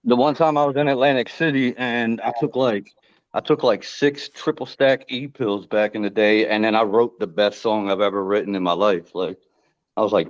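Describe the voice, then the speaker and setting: A man's voice: on the low side, steady tone, normal speed, dry recording, lo-fi sound. A man casually chatting and freestyle rapping on a livestream, with a profane, laid-back delivery.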